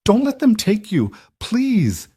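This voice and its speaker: Brief: man doing a scared little girl in a storybook western, high-pitched. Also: huge pitch swings, takes it slowly, mellow, husky, dry recording, clean studio sound, full character voice. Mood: crying out. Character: small terrified girl.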